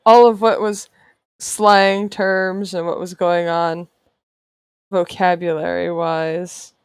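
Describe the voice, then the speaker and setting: A woman's voice: on the low side, extremely slow, long pauses, clear, resonant tone, no echo, clean studio sound. A woman artist chatting casually while she draws on a livestream, playful and sarcastic, often laughing. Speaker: artist streamer. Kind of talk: casual chat while drawing on stream.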